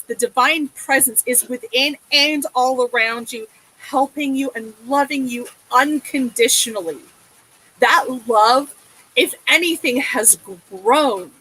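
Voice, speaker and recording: A woman's voice: sits high, unhurried, sharp tone, breathy edge, low-quality recording. A woman giving a tarot reading in a casual, emotive way, swearing often and checking in with a soothing "okay?". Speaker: tarot reader.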